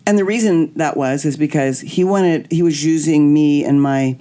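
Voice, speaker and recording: A middle-aged woman hosting a podcast, telling candid personal stories in an animated way and acting out the voices of people she quotes. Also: low voice, moderate pace. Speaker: podcast host. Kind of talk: candid storytelling chat.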